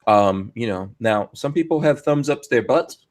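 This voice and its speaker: A man hosts a live podcast in a loose, joking chat. He laughs often and keeps the energy up. His voice sits at a middle pitch. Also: moderate pace. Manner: jokey, lively, laughs often. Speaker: podcast host.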